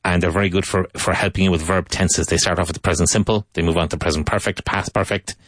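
A man with a very low voice leads an English lesson, saying each word and sentence more than once, slowly and clearly, so learners can repeat after him. The sound is close and dry, with no room around it. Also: steady tone, fairly bright tone, dry recording. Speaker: English teacher. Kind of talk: language lesson with spoken drills.

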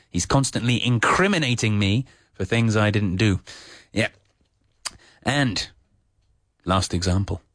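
A man's voice: medium pitch, no echo, clean studio sound. A man teaching English on the radio, talking off the cuff with many fillers and restarts. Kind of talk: unscripted radio English lesson.

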